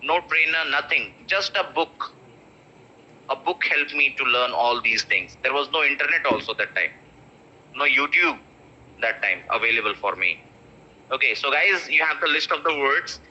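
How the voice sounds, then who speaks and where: A man in his thirties with an Indian English accent, teaching pronunciation in an online class and repeating each word slowly. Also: mid-range voice, lively intonation, sharp tone. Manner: repeats words slowly for drills, mixes in Hindi. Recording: dull lo-fi online-class audio.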